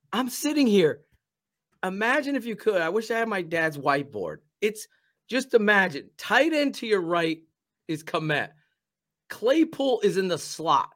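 Profane, shouting sports ranter, lively and bright. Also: male voice, high-pitched. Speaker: podcast co-host. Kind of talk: post-game sports rant.

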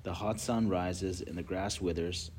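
A man's voice: low voice, steady tone, measured pace, darkish tone, slight background noise. A man leading a casual group Bible study, telling stories with lots of filler words and reading Scripture aloud.

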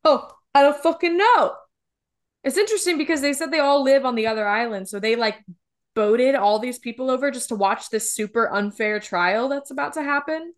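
A woman's voice: on the high side, brisk. A woman co-hosting a TV recap podcast, talking in a heated, emphatic way and swearing casually. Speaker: podcast co-host.

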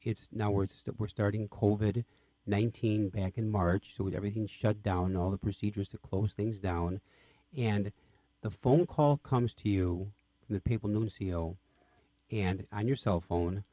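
A man with a lowish, mellow voice hosts an interview, recorded dry and close. He prompts his guest eagerly, asking questions and reacting with enthusiasm. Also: steady tone, a little slow, dry recording. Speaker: radio interview host. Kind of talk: interview conversation.

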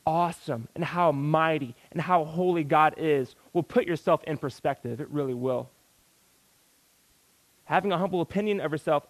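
A man's voice: high voice, dry recording, low-quality recording. A man preaching a sermon in a folksy, exclamatory way, breaking into sudden outbursts.

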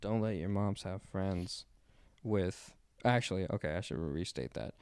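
A man's voice: low voice, a little slow, a little mellow, clear, resonant tone, no room sound. A young man joking around as a guest on a casual podcast, crude and loose.

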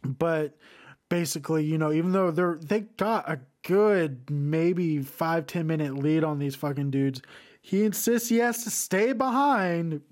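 A man's voice: fairly high pitch, a little slow, darkish tone. Profane, rambling man ranting. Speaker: podcast host reviewing films. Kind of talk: casual rant.

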